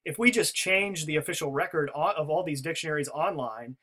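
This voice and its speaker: A man's voice: on the high side, brisk, pushed and bright. Rambling man explaining a theory. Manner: rambling, many restarts and fillers. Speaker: video commentator. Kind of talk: casual spoken commentary.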